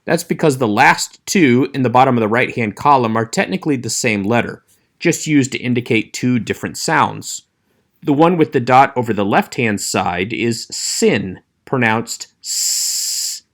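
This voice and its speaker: A man teaching an online Hebrew class, explaining letters in a clear, measured way and slowing down to demonstrate sounds. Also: mid-range voice, lively intonation, fairly bright tone. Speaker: Hebrew instructor. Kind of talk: recorded online lecture.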